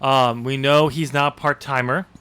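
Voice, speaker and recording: A man's voice: medium pitch, fairly even intonation, moderate pace, bright, forceful tone, clear, resonant tone. Rambling man chatting on a podcast. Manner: rambling, lots of ums, laughs easily. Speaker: podcast co-host. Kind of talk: casual chat.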